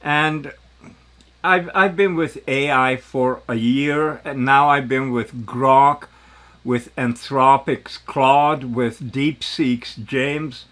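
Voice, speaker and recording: A man in his seventies talking in a rambling, animated way in a casual monologue, his voice jumping up when he gets excited. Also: mid-range voice, slow. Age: 70s. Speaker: vlogger.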